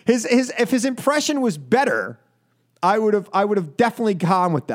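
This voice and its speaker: A man hosting a call-in radio show from a studio, animated and laughing, often repeating himself. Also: high voice, moderate pace. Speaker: radio talk show host.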